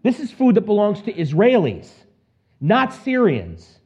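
Animated preacher man, lively pitch. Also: unhurried, slightly rough. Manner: animated, acts out scenes with put-on voices and asides. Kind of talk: expository Bible sermon. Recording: dull lo-fi recording.

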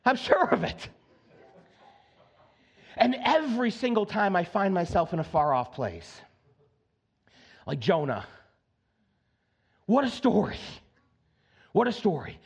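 A man's voice: high voice, big pitch swings, slow, creaky, long pauses, breathy edge. A male pastor preaching a sermon in a conversational, joking way, with frequent asides and repeated phrases for emphasis.

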